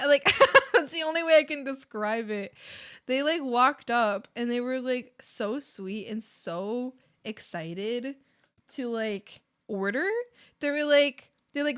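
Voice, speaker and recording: A woman's voice: fairly high pitch, clear, resonant tone. A woman streamer chatting casually while she draws, bubbly and giggly, with lots of "like" fillers. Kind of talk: casual chat while drawing.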